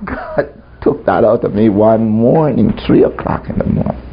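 Animated preacher man, dull lo-fi recording. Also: lowish voice, normal speed, creaky, slight background noise. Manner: laughs often, acts out quoted voices. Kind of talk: storytelling sermon. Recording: dull lo-fi recording, faint background.

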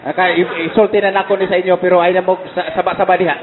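A man interprets a sermon phrase by phrase with a very high voice, rising into emphatic shouts at the peaks. The recording is thin and narrow, like a phone line. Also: level tone, racing, a crowd in the background. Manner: emphatic, echoing the preacher. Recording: tinny phone-like sound.

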